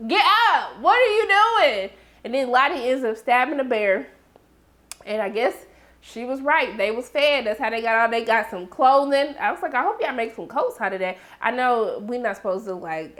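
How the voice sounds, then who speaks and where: A woman giving a sassy, animated TV episode recap, yelling in bursts and acting out characters' lines, with a sore throat. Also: a little high. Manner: sassy, loud outbursts, acts out characters. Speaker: TV recap reviewer.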